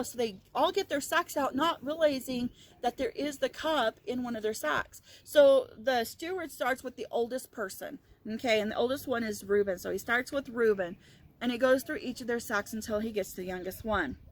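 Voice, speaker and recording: A woman's voice: on the high side, poor audio. A woman reading a Bible passage aloud and then explaining it in casual words as a teacher. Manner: reads scripture aloud, then retells it casually.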